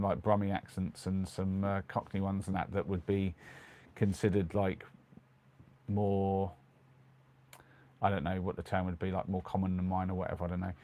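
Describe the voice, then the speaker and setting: It's night, and a middle-aged man with a British accent is live-streaming from a small converted van, going through comments in a loose, rambling way with frequent ums and restarts. He has a low-pitched, slightly mellow voice.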